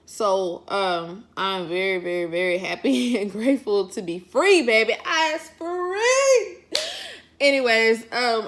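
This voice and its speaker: A woman's voice: medium pitch, a bit bright. A woman chatting casually to camera as a vlogger, folksy and encouraging, drifting off topic. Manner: encouraging, pep-talk delivery.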